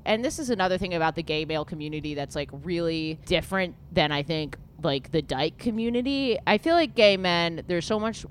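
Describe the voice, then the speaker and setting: A woman co-hosting a casual podcast, asking teasing rapid-fire questions. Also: fairly low pitch, a little hiss or hum. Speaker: podcast co-host.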